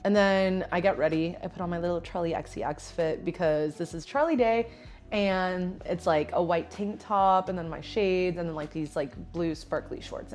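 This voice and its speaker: Girl in her 20s telling a storytime, kinda low voice, says like constantly, laughs a lot. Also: a little mellow. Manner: chatty, laughs often, heavy use of "like". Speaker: vlogger. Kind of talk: casual storytime.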